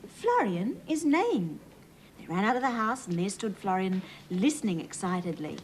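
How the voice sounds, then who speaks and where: An Australian woman hosting a children's TV show, reading a storybook aloud and talking gently to young viewers in a sing-song way. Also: medium pitch, brisk, slight background noise, rough recording. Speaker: children's TV host.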